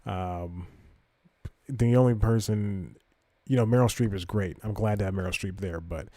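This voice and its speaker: A man's voice: lowish voice, normal speed, dark tone, no room sound. A man hosting a comedy podcast, rambling through news stories in a casual way, correcting himself often and reading articles aloud. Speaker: podcast host.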